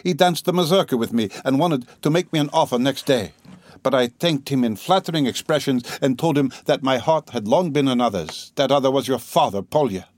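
A man's voice: mid-range voice, a little fast, a little mellow, natural voice. A man voicing a proud, distraught consumptive mother who talks fretfully and breathlessly. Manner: breathless, fretful and rambling, broken by coughs.

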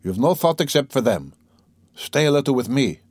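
Reader doing a brooding, peevish young man, middle pitch, dry sound. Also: sing-song, moderate pace, darkish tone, no room sound. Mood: tense. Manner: agitated, peevish, probing.

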